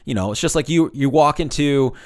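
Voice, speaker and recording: Energetic man coaching on sales. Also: mid-range voice, a little fast. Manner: energetic, direct, frequent "okay?" and "right?" check-ins. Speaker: podcast host and sales coach. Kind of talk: solo coaching talk.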